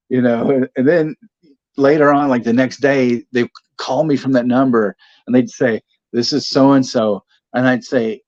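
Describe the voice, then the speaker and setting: A man's voice: medium pitch, steady tone, normal speed, darkish tone, no room sound. A man telling stories in casual, profane stream chat, laughing at his own tales. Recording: dull lo-fi sound.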